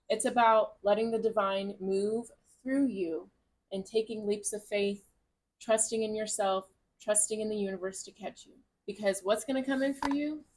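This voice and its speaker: A woman's voice: mid-range voice, a little mellow. A woman giving a casual tarot reading to camera at home, gushing, chatty and encouraging, with the odd swear word. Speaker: tarot reader.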